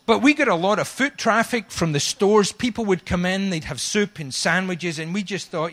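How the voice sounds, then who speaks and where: A man's voice: high voice, moderate pace, few pauses. A man with a Scottish accent preaching a sermon, telling stories and acting out the people in them. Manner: animated storytelling, acts out quoted voices. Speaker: pastor.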